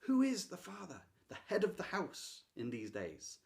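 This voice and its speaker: Animated man explaining literature. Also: high voice, a little slow, vocal fry. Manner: emphatic, swings between loud declaration and hushed emphasis. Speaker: literature teacher and channel host. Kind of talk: enthusiastic explanatory talk to camera.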